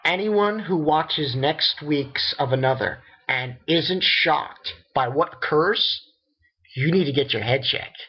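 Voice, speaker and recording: Excitable, profane young man reviewing anime. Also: slow pace, breathy edge, lo-fi sound. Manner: excitable and profane, rambling, jumps into shrill disbelief. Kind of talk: casual webcam review rant.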